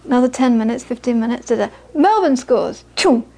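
A woman giving a Buddhist talk, telling stories with lively acted-out quotes and then turning soft and earnest as she teaches. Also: a little high, fairly quick, vocal fry. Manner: lively storytelling, acts out the people she quotes. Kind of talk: dharma talk to a small audience.

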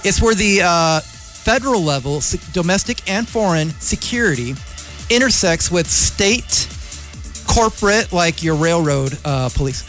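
A man co-hosting a casual political talk show, reading an article aloud and adding animated asides. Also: high voice, measured pace, faint music behind. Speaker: podcast co-host.

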